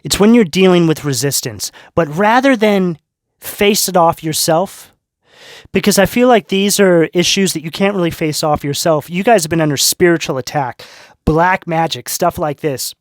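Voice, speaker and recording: A man's voice: a little high, moderate pace, no room sound, studio quality. A man giving a tarot reading to his viewers, talking in an earnest, spiritual way and checking in often with "right?" and "okay?". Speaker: tarot reader.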